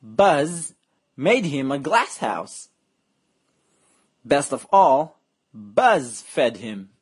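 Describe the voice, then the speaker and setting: A woman reading a picture book to children, drawing every word out very slowly. Her pitch swoops up and down as she plays up the story, and her voice has a soft, breathy edge. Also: big pitch swings. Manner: slow, playful, exaggerated reading.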